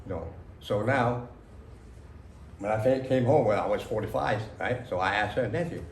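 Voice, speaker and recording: A man, an author recalling his past to a library audience, talking haltingly with many fillers and broken grammar. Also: fairly low pitch, a little hiss or hum. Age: 60s. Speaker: author at a book reading. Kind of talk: casual spoken memories to an audience. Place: library reading room. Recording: echoey room.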